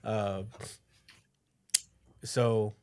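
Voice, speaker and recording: A man co-hosting a podcast, casually recapping a chapter with lots of fillers and quick put-on quotes. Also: fairly low pitch, little pitch movement, darkish tone, clean tone. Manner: loose storytelling with fillers, voices quotes. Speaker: podcast co-host.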